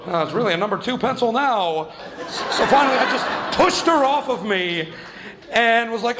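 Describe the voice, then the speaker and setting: A man doing stand-up storytelling, animated, acting out the voices of people in his story. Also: high voice, moderate pace. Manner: animated, acts out quoted voices. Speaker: stand-up comedian.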